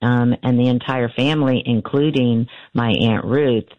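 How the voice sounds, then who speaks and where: A woman's voice: rumbling low, fairly even intonation, no room sound. Woman telling a family story, dry lo-fi sound. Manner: halting, many fillers and restarts. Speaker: interview guest. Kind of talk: storytelling in conversation.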